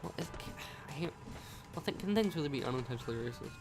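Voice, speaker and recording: A man's voice: a little high, expressive, fast, creaky, music in the background. A young American man with an American accent, rambling through casual let's-play commentary, stumbling over words and swearing. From United States. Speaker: gaming YouTuber.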